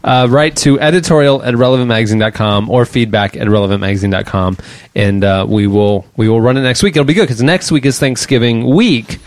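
A man hosting a podcast, rattling off announcements and banter at a quick clip. His voice sits at an ordinary pitch and sounds close and dry, with no room around it. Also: dry recording. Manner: quick-talking, wraps up with show announcements. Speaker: podcast host. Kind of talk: casual podcast chat.

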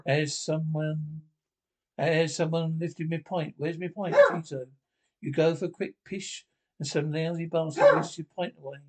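Actor as older Glaswegian pub regular, sitcom, blunt and crude, slightly high voice. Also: male voice, fairly even intonation, normal speed, close to an everyday voice. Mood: indignant. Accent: Glaswegian Scottish. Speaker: sitcom character. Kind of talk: scripted sitcom dialogue.

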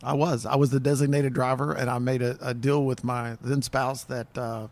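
A man as a podcast guest, chatting in a relaxed and hesitant way. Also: mid-range voice, normal speed, creaky. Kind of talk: casual chat.

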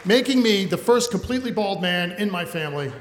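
A man in his thirties telling a comic personal story live on stage, wry and animated. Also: high-pitched, brisk, a faint crowd. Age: 30s. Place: stage in a hall. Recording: echoey hall, faint noise.

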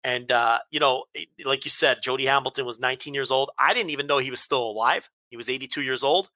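A man's voice: medium pitch, fast talker, pushed and bright, no room sound. A man co-hosting a casual chat, ranting heatedly with profanity and emphatic repeats. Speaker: podcast co-host.

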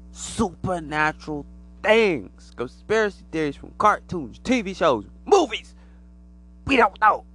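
A man giving a rambling, animated conspiracy monologue to the camera, acting out imagined voices as he goes. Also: on the high side, creaky, husky.

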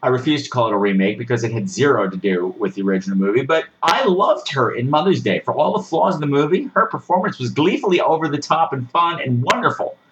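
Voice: mid-range voice, lively intonation, fast, hardly any pauses, muffled recording, slight background noise. A podcast host giving a sarcastic, exasperated rant while reviewing a horror movie, swearing freely. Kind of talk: casual ranting movie review.

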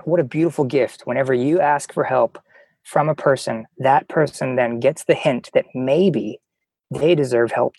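A man's voice: mid-range voice, darkish tone, slightly rough, no echo, poor audio. Enthusiastic male podcast guest storyteller. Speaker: podcast guest, travel company marketer. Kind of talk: casual storytelling chat.

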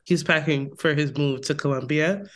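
A woman co-hosts a relaxed podcast. Her voice is stuffy and nasal from a cold. She laughs easily and tends to repeat phrases as she talks. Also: sits low, moderate pace. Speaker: podcast co-host. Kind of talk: casual chat.

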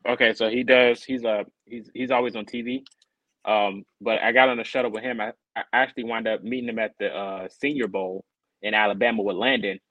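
A man co-hosting a podcast, telling a story in a casual, animated way and acting out other people's lines in a higher voice. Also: a little fast, no room sound, lo-fi sound. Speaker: podcast co-host.

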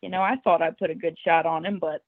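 Husky-voiced woman on a tinny line. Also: lowish voice, fairly even intonation, fast, dry recording. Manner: earnest, emotional, tumbling restarts. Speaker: podcast guest. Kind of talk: animated first-person storytelling. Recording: tinny phone-like line, dry.

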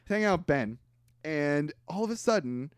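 A man in casual conversation, telling a film's story with energy and acting out each character's lines. His voice sits a touch high and swings widely in pitch. The recording is close and dry. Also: moderate pace, clear, resonant tone, no echo. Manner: animated storytelling, laughs often, acts out quotes. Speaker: podcast co-host. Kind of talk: casual movie recap chat.

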